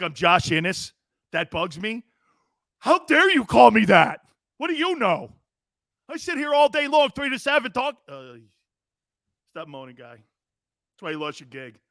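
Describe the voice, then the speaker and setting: A man's voice: high voice, a bit bright, no echo, clean studio sound. A man hosting a sports talk show, joking and rambling and laughing often.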